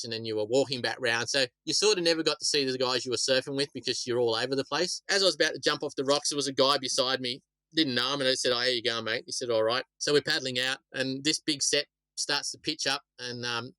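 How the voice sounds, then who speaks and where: A man's voice: medium pitch, steady tone, quick pace, pushed and bright, dry recording, low-quality recording. A middle-aged Australian man, a shark attack survivor, telling stories casually in a rambling way, often repeating words. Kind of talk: casual storytelling interview.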